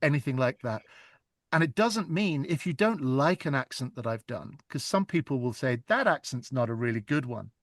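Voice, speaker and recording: Earnest and reflective, a man discusses narrating audiobooks in a casual interview, frequently restarting phrases as he searches for the right word. His medium-pitched voice is expressive and moves at normal speed, captured dry with no room around it.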